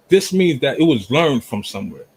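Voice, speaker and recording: A man from Jamaica arguing forcefully in a heated online debate, pushing through interruptions. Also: medium pitch, husky, rough recording. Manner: forceful, repeatedly talks over interruptions.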